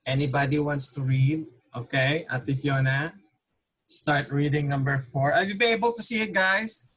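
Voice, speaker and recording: A man's voice: on the high side, normal speed, a bit bright, slightly rough. A man teaching an online Tagalog class, patiently repeating questions and mixing Tagalog with English.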